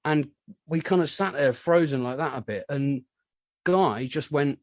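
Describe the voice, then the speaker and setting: A man, a musician, telling rambling anecdotes in a casual interview and getting animated when he acts out what others said. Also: on the high side, fairly quick, no echo. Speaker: musician guest.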